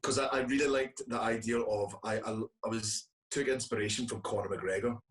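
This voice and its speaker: A man's voice: fairly low pitch, steady tone, brisk, a bit bright. A Scottish man, a guest actor, chatting casually and hesitantly in an interview, with many restarts. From Scotland. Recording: distant from the mic.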